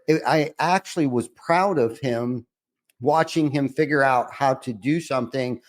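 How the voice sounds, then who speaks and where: A man's voice: mid-range voice, measured pace. A middle-aged man hosting a podcast, talking earnestly and reflectively with lots of restarts before asking his next question. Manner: rambling, earnest, many restarts. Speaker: podcast host. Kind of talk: reflective interview conversation.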